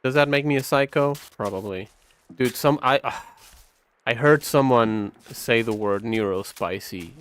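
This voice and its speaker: A man's voice: on the low side, normal speed, clean tone. A young man commentating his gameplay in a casual, rambling way, often heated, swearing and repeating himself. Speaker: gaming streamer.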